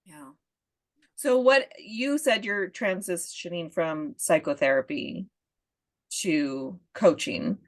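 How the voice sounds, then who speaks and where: Chatty woman podcast host, low voice. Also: lively intonation, takes it slowly. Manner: chatty, laughs often, asks questions. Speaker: podcast host and parenting coach. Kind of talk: conversational interview.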